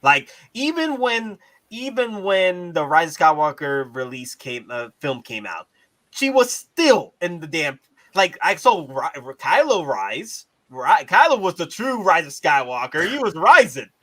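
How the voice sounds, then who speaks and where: A man hosting a casual collectibles chat, animated, repeating himself and swearing casually. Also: a little high, measured pace, rough recording. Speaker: host.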